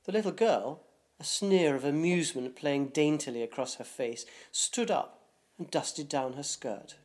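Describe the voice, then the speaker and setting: Man narrating a dark story. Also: a little high, a little slow.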